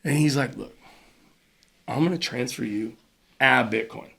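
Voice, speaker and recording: A man, a podcast guest, telling a story in a casual, animated way, with quick bursts of speech and lots of fillers. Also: mid-range voice, creaky, a crowd in the background. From Cayman Islands.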